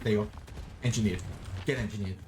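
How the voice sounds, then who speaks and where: A man's voice: fairly low pitch, quick pace, background noise. A young Australian man streaming a game, chatting casually and goofing around with viewers. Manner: goofy, playful, swears, sings robot noises. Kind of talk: casual gaming stream chat.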